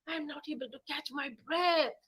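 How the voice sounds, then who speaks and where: A woman's voice: sits high, normal speed, fairly bright tone, voice pushed up. A woman voicing a small female kitten, pleading and breathless.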